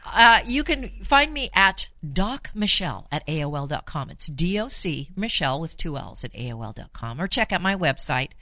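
A woman's voice: fairly low pitch, big pitch swings, moderate pace, hardly any pauses, bright, forceful tone, no room sound. A woman hosting a call-in advice show as a therapist, reassuring callers and reading listener emails in a chatty way with many fillers. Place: Los Angeles studio.

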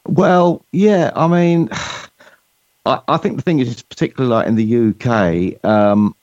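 A man from England with a British accent, a songwriter guest answering interview questions in a relaxed, hesitant way. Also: medium pitch, unhurried, dry recording. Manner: relaxed, hesitant with fillers and restarts. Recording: dull lo-fi remote audio.

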